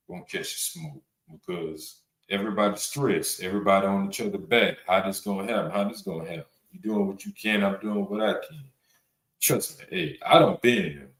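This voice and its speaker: Blunt, rambling man in an echoey room. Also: mid-range voice. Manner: blunt, rambling, profane, many fillers. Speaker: host of a reaction podcast panel. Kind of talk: casual reaction commentary. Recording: roomy echo.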